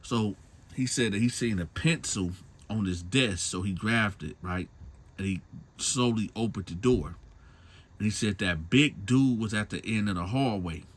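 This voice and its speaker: A man's voice: fairly low pitch, unhurried. A man retelling a story in a loose, slangy way, often tagging lines with a question. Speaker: storyteller host. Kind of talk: casual storytelling.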